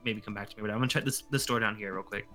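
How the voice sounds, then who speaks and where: A man playing a tabletop game, joking in a casual, quick way. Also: lowish voice, fairly even intonation, sharp tone, faint music behind. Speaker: player.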